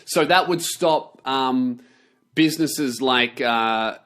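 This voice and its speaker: A man ranting on his vlog, sarcastic and animated, swearing constantly. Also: medium pitch, slow pace. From not from the United States. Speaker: vlogger. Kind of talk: profane ranting commentary.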